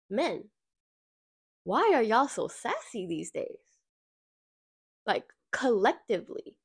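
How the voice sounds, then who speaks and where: Here a woman with a husky, medium-pitched voice hosts a podcast and vents about a job story in an offhand monologue. Her delivery is lively and profane, full of attitude, and she acts out each quote.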